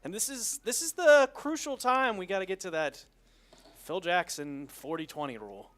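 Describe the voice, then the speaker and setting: A man with a high voice that swings widely in pitch, talking sports as a co-host. He is animated and excitable, and he is quick to mock. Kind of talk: sports talk show.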